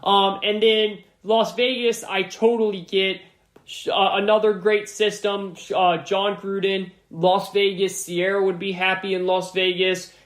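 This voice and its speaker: A man's voice: high voice, flat delivery, a little slow, fairly bright tone, echoey room. A man hosting a sports podcast alone, giving emphatic commentary and often repeating himself for stress.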